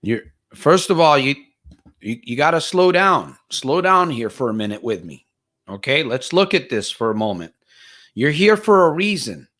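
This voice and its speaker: A man's voice: medium pitch, very animated, normal speed, a bit bright. A man from Stockton, California hosting a live-stream Q&A as a motivational life coach, earnest and repetitive, often restarting and repeating his phrases.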